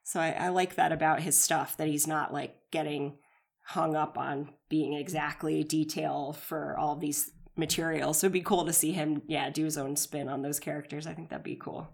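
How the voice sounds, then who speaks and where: A woman co-hosting a podcast in relaxed, agreeable casual chat. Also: low-pitched, moderate pace, creaky. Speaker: podcast co-host.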